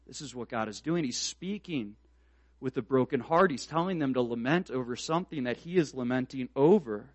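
A man's voice: medium pitch, lively intonation, normal speed, dry recording. A man preaching a sermon as pastor, speaking earnestly and building to emphatic, repeated exhortations.

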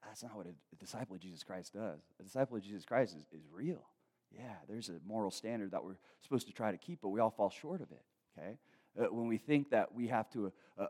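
A man preaching a conversational sermon, reading scripture and then talking to the congregation casually, acting out voices from everyday life. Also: on the low side. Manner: conversational preaching with asides and laughs; animated, acts out quoted voices. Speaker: pastor.

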